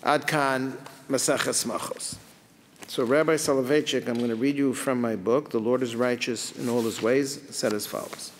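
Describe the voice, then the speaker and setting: Rabbi lecturing in a reverberant hall. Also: male voice, medium pitch, normal speed, a little hiss or hum. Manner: reads Hebrew and Aramaic text then translates it, lively questions. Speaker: rabbi teaching a class. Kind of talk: Talmud lecture.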